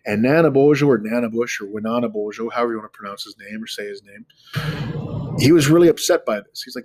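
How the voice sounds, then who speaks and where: A man in his thirties hosting a podcast, telling a traditional story in a relaxed, chatty, self-deprecating way. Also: medium pitch, fast, no room sound. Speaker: podcast host. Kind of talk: casual storytelling talk.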